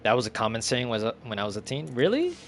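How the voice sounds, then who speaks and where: A man's voice: medium pitch, wildly swooping pitch, quick pace, a bit bright, faint music behind. Young man muttering through gameplay. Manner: muttering to himself, confused and swearing. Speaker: gameplay streamer. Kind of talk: casual gameplay commentary.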